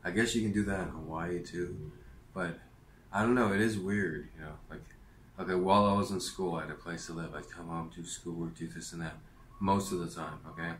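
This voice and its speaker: A man's voice: low voice, steady tone, fairly quick, reverberant, a little hiss or hum. A man telling a rambling personal story in a vlog rant, meandering with lots of fillers and restarts. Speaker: vlogger.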